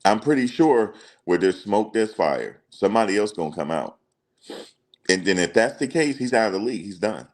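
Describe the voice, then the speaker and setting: A man's voice: lowish voice, animated, normal speed, darkish tone. A man hosting casual celebrity news commentary, emphatic and slangy, repeating his points. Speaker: commentary channel host.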